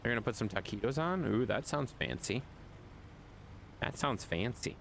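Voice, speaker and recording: A man streaming a game live, chatting casually with his viewers, animated and playful with repeated phrases. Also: mid-range voice, moderate pace, gravelly, slight background noise.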